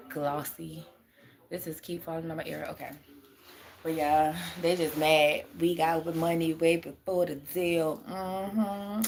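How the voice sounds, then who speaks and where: A woman's voice: on the low side, noisy background. A young adult woman on a live stream who rambles, swears and laughs often while answering her chat as a spiritual reader.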